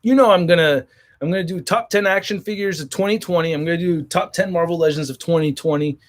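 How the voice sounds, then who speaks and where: A man talks loosely to his stream viewers, joking and cursing, often restarting his sentences. His voice sits a little higher than most men's, and his speech has a sound. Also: quick pace. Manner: rambling, profane, jokey, many restarts. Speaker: toy collector channel host. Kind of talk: casual livestream chat, reading viewer comments.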